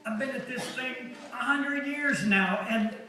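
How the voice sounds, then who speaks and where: A man plays a frazzled, ancient Noah, high-pitched and slow, stammering and pleading in an exasperated whine. The voice sounds distant in a large, echoing hall with heavy noise behind it. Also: a crowd in the background. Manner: stammering, whiny pleading with repeated stutters. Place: large hall at a talent show. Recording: echoey hall from far off, noisy.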